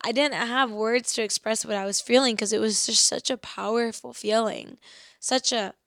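A woman speaking earnestly and reflectively about faith, slowly reading scripture verses aloud. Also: a little high, fairly even intonation, creaky, fairly bright tone, no echo, clean studio sound. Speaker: faith podcast host.

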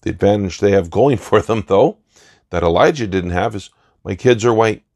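Gravelly low-voiced man commenting earnestly. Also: normal speed, a little mellow, no echo, lo-fi sound. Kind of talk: opinion monologue.

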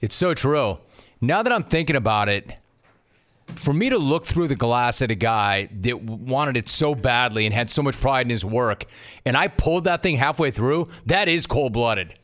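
A man with a mid-range voice hosts a sports talk radio show, bantering in a rapid-fire, animated, mocking manner.

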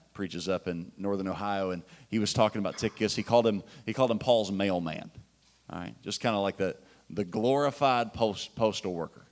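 Male pastor, low-pitched, chatty enthusiastic sermon delivery. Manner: casual, enthusiastic preaching with fillers and restarts.

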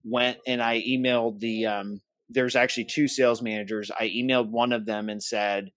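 A man's voice: medium pitch, normal speed, dry recording. Man telling a story in a dry room. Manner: animated storyteller who acts out quoted dialogue. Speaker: co-host of a church safety podcast. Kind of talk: casual chat.

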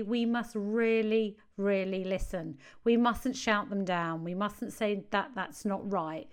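A woman's voice: mid-range voice, slow, few pauses, smooth. A woman, a parenting coach giving earnest advice to parents and stressing key phrases.

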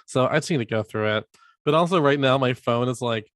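A man co-hosting a podcast in easy, chatty conversation. He tells stories with animated quoted asides in a medium-pitched voice. The recording is dry and close. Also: a little fast, no room sound. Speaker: podcast co-host. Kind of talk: casual chat.

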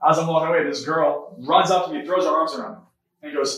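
Young man preaching fast in echoey room. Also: on the high side, far from the mic. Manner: rapid, animated storytelling. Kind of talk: testimony sermon.

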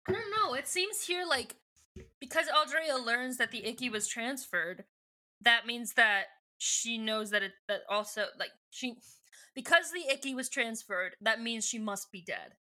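Brief: woman podcast co-host, playful chat, bright higher voice. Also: measured pace. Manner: playful, lively, often quotes characters in put-on voices. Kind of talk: casual book-club chat, acting out dialogue.

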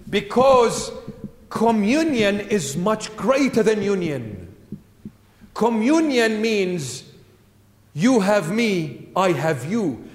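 A man preaching a sermon as a bishop, emphatic, with repeated phrases and rhetorical questions. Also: sits high. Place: church. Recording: echoey church hall.

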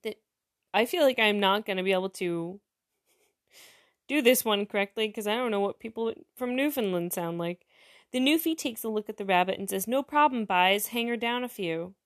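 Speaking at a normal pace in a medium-pitched voice, a woman casually reads jokes aloud and chats about each one as she goes.

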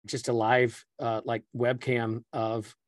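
A man with a middle-pitched voice, joining a relaxed film chat. He jumps in with jokes and short comments. The sound is dry and close. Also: slow, no echo. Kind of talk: casual movie watch-along chat.

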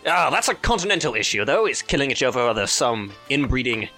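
A man voicing a gruff, mysterious male stranger with a gravelly voice and a put-on British accent. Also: mid-range voice, very animated, quick pace, bright, forceful tone, faint music behind. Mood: aloof.

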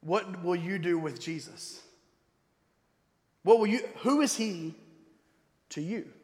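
A man preaching a sermon as pastor. He is emphatic, slows down to stress key words and drops suddenly to a quiet voice. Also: sits high. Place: church sanctuary. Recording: echoey hall with long reverb.

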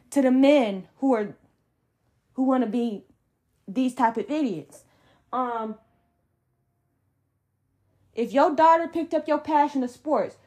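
A woman's voice: high voice, a little mellow. A young adult woman hosting a solo sports podcast, ranting in a heated, emphatic way with blunt slang. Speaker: podcast host.

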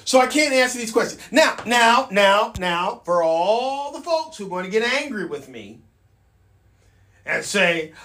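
Guy ranting on his podcast, blunt and sarcastic, pretty high voice, sounds far from the mic. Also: normal speed. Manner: animated, blunt and sardonic. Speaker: podcast host. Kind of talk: casual solo monologue. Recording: echoey room, off mic.

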